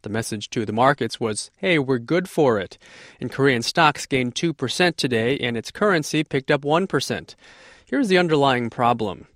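A man's voice: medium pitch, lively intonation, normal speed, fairly bright tone, no echo. Man foreign correspondent, dry sound. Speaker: radio correspondent. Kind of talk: news report.

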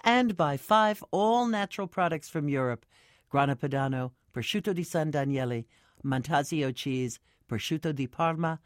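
Casting: woman radio host, expressive and lively, dry close sound. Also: very deep voice, no room sound. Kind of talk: public radio food show hosting and ad reads.

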